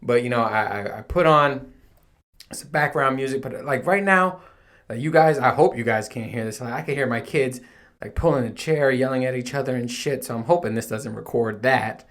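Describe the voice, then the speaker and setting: Recording his podcast in a room at home with a home setup, this man rambles casually, swears, and laughs at his own remarks. His voice is mid-range and a bit bright, at a normal speed.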